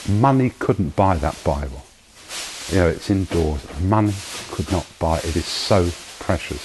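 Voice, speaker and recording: A man sharing a personal testimony in a slow, emotional storytelling manner. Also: deep voice, lively intonation, darkish tone, slight background noise, low-quality recording. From United Kingdom. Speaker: charity founder giving testimony.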